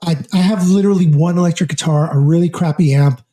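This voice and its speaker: Guest, male, fifties. Warm, mellow tone, animated and jokey storyteller with a casual chat feel. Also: a little high, fast talker. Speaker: podcast guest, musician.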